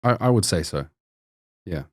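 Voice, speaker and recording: A man's voice: low-pitched, expressive, moderate pace, slightly rough, no room sound, clean studio sound. A man from Lebanon, a podcast guest, talking casually and rambling with lots of fillers and restarts. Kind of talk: casual conversation.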